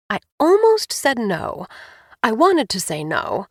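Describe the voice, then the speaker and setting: A woman narrating a novel in the first person as an audiobook reader, with even, clear storytelling. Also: a little high, slow pace, no room sound, clean studio sound.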